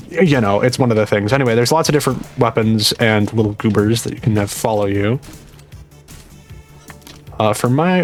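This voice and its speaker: A young man talking quietly through a dental retainer while playing a game at home late at night, rambling and mocking himself. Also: medium pitch. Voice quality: slightly muffled speech from a dental retainer. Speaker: gaming YouTuber. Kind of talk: live gameplay commentary.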